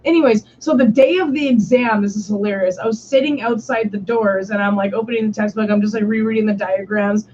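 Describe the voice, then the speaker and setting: A woman's voice: medium pitch, fairly quick, few pauses, a little mellow. Young woman, stream host, casual storytelling, lots of swearing and "like", lo-fi dull audio, faint background hiss. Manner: swears often, heavy use of "like".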